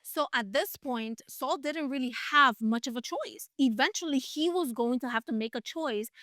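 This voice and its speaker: A woman's voice: fairly high pitch, fairly bright tone, no echo, clean studio sound. A woman retelling a Bible story in a casual, chatty way, with playful asides and emphasis.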